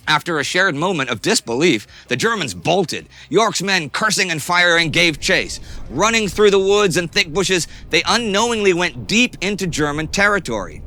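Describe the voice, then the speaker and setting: Bright, tense dramatic male narrator. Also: fairly high pitch. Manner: dramatic storyteller, swings between tense and hushed. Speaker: history show narrator. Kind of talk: scripted documentary narration.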